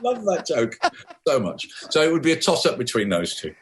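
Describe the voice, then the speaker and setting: A middle-aged man from Birmingham, a guest author speaking in an animated, conversational interview. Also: mid-range voice, fairly quick, slight background noise. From Birmingham, England. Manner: animated storyteller, repeats words.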